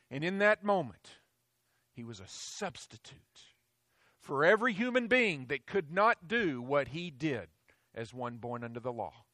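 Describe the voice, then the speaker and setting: A man delivers a sermon with a somewhat high-pitched voice, recorded dry and close. He preaches emphatically, rising to loud declarations and sinking to hushed, low phrases. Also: sing-song, a little slow, dry recording.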